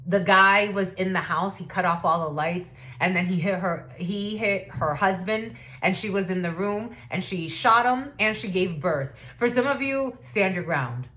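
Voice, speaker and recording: A woman's voice: medium pitch, a little slow, a bit bright. A woman in her thirties giving a casual spiritual reading in a blunt, profane way, with laughing asides. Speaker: spiritual reader.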